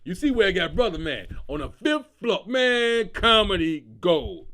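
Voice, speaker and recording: A man with a high-sitting voice speaks at a measured pace, hosting his own comedy show. He's animated and slangy, riffing casually and often breaking into laughter.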